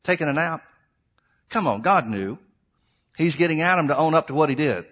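Middle-aged guy preaching, slightly high voice, chatty sermon w/ lots of rhetorical questions. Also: expressive, normal speed, fairly bright tone. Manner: conversational preaching, asks rhetorical questions and addresses "folks".

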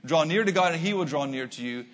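An American pastor preaches with animated storytelling and quick asides. His voice sits on the higher side for a man. A long hall reverb trails his words through the church. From United States. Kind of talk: sermon.

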